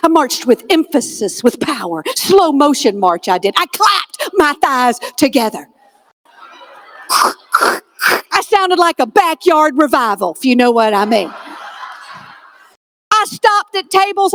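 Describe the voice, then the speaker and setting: A woman's voice: very high-pitched, animated, slow, fairly bright tone. A woman giving a comedic motivational keynote, folksy and self-deprecating, with punchline delivery on a conference stage. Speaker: keynote speaker. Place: conference stage before a live audience.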